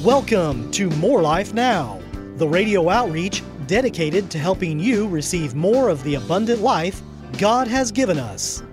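Male announcer, lively intonation, music bed clearly underneath. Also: high voice. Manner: measured, smooth announcing. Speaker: radio announcer. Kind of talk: scripted radio introduction.

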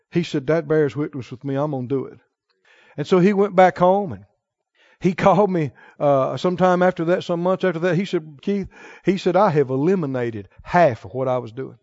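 A man preaching a sermon, telling folksy stories and delivering points with emphasis, quoting the Lord in a lower, sterner tone. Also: darkish tone, no echo, muffled recording. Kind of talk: sermon with storytelling.

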